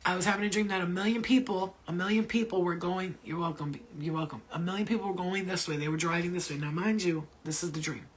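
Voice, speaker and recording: A woman's voice: lowish voice, fairly even intonation, fast, few pauses, a little hiss or hum. A woman healer answering viewer questions in a casual spiritual talk, blunt and profane, telling stories.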